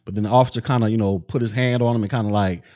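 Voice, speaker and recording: A male podcast host with a fairly low, dark voice and a steady tone races through his words. He tells of events conversationally, leaning on many fillers and acting out what people said.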